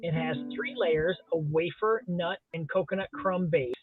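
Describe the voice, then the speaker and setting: A fairly high, husky man's voice, dry and close, heard through a tinny, phone-like channel. He chats casually on a live stream, with playful, deadpan jokes. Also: unhurried, no echo, soft background music. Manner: playful, jokey, deadpan exaggeration. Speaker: co-host of a live drawing stream. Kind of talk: casual chat.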